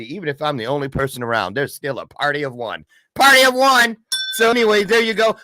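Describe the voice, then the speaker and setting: A man runs his morning podcast as a chatty, playful monologue, full of puns and little side trips. His pitch rises and falls in lively swings. The sound is dry and close, with no room echo. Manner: playful, punning, chatty, jumps between asides. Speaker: podcast host. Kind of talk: casual morning show monologue. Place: Chicago area.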